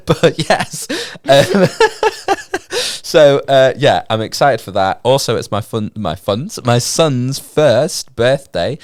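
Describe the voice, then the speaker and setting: A man's voice: medium pitch, dry recording, studio quality. A young man with a cold and a stuffy nose, chatting casually as a podcast co-host, rambling with many ums and frequent laughs. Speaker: podcast co-host and gigging musician. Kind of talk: casual chat.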